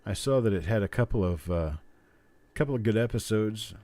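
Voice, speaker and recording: Low-voiced man rambling on a livestream. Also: brisk, warm tone, no echo. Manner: rambling, joking, chuckles often. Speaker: host of coin roll hunting livestream. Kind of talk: casual live-stream chat.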